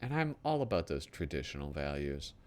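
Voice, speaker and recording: A man's voice: extremely low pitch, sing-song, fairly quick. A man hosting a casual magazine flip-through, who swears and trails off into mumbled asides. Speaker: host.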